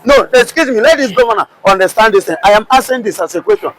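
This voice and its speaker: A man's voice: sits high, lively intonation, fast, a bit bright, low-quality recording. A man with a Nigerian English accent giving heated political commentary, firing off repeated rhetorical questions. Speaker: commentator guest.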